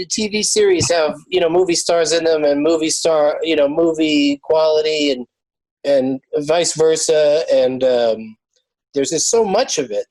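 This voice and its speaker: A man's voice: fairly high pitch, a little mellow, poor audio. A man hosting a comedy podcast, chatting loosely and laughing often. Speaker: podcast host. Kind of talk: casual comedy podcast chat.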